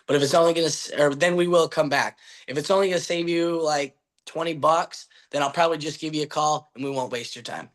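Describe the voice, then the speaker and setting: Sales trainee guy practicing his pitch, bit high voice, kinda tentative. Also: steady tone, fast, hardly any pauses, fairly bright tone. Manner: tentative, working out his lines aloud.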